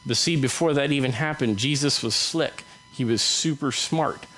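A man's voice: mid-range voice, a bit bright, poor audio. Male preacher, casual conversational sermon, mid-range voice. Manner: conversational, acts out Bible dialogue in quick voices.

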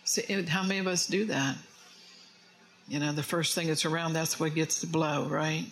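A male pastor with a slightly raised pitch delivers a relaxed, talkative sermon. He jokes and asks the congregation questions, with faint ambient noise behind him. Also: normal speed, rough recording. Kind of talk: conversational sermon. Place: church before a congregation.

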